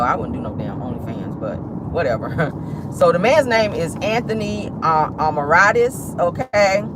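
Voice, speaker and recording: A gossip channel host chatting sassily while driving, swearing freely and calling viewers honey and y'all. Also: mid-range voice. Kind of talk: casual celebrity gossip chat. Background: faint road and car noise.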